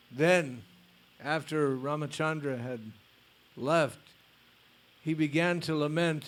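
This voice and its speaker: A male spiritual teacher reads a story aloud during a lecture. He speaks slowly and deliberately in a voice pitched a bit high for a man. Now and then he drops in a blunt casual aside.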